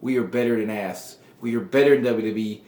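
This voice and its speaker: This is a man putting on an angry male wrestler who has had enough. The voice sits low and speaks with cold menace. A roomy echo hangs around it. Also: a little fast, a little mellow, lightly acted. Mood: defiant.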